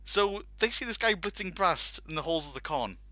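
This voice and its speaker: Bright, dry-voiced man telling a story. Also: high-pitched, moderate pace, no room sound. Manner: animated anecdote with laughs and acted-out quotes. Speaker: podcast host telling a story. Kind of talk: casual storytelling.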